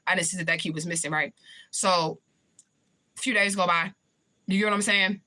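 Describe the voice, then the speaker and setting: A woman's voice: lowish voice, fairly even intonation, normal speed, pushed and bright. A woman telling a personal story in casual talk, swearing freely, repeating points for emphasis and checking in with the listener. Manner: conversational, keeps checking in with the listener. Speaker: spiritual reader.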